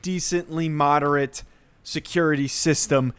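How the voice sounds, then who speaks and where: A man's voice: on the high side, steady tone, moderate pace, fairly bright tone, clear, resonant tone. A man co-hosting a casual chat, skeptical and firing off questions.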